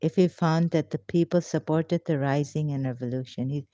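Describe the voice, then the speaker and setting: Low, dark-voiced woman questioning a text. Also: normal speed, no echo. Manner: emotional, pleading rhetorical questions. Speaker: ex-Muslim commentator. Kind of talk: reading a religious text aloud and commenting on it. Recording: dull, lo-fi, dry sound.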